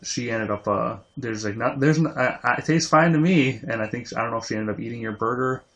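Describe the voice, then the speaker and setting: A man's voice: mid-range voice, a little fast, a bit bright. A man co-hosting a podcast, laid-back, mostly agreeing briefly and sometimes rambling through a recollection. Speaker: podcast co-host. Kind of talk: casual chat.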